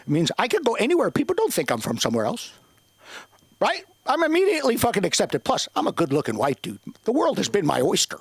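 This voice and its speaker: A man's voice: very high-pitched, huge pitch swings, fast, gravelly, breathy edge. A man doing a profane, self-deprecating stand-up set on a comedy club stage.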